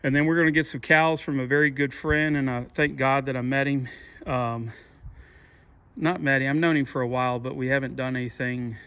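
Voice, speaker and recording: A middle-aged man walking through the old barn he restored, talking in a halting, rambling way full of fillers. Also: mid-range voice, steady tone, fairly bright tone, clean tone, muffled recording. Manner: rambling, halting, self-deprecating, many fillers. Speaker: farm owner showing his restored barn. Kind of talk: casual walkthrough vlog.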